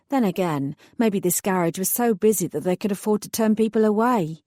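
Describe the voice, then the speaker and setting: Reading a first-person audiobook, this woman narrator sounds measured and wry, with a dark tone and mid-range pitch. The sound is close and dry, free of echo or room ambience.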